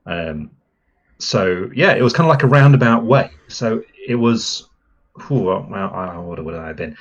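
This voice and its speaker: A man's voice: lowish voice, expressive, moderate pace, highs cut off. A man, a podcast guest chatting enthusiastically with lots of fillers. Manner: rambling and enthusiastic, many fillers. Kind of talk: casual podcast chat.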